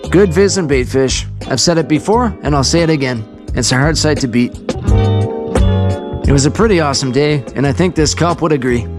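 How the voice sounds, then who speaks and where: A man's voice: on the high side, fairly quick, music in the background. A man vlogging outdoors in a casual, laid-back and upbeat way, chatting and narrating. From Canada. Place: outdoors on a coast.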